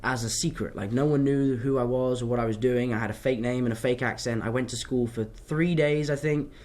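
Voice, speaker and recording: A man's voice: medium pitch, steady tone, a little fast, darkish tone. A young man, an actor casually answering fan questions and rambling off topic. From London, England. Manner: rambling, chatty storytelling, drifts off topic. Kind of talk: casual livestream Q&A.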